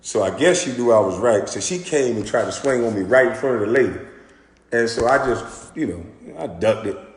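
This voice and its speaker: A former pro basketball player telling a story in an animated, profane, indignant rant. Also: male voice, fairly low pitch, a little fast. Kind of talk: ranting storytelling monologue. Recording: echoey room with long reverb.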